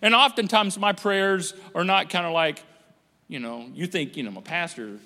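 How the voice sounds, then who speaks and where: A man preaching a sermon as pastor, animated and joking, acting out the voices of people he quotes. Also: on the high side, moderate pace. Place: church auditorium. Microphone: handheld microphone on stage. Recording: echoey church hall.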